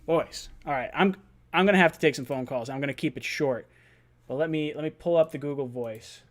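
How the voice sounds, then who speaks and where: A young man hosting a live-stream call-in fan show, excited, laughing and often shouting. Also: on the high side, brisk.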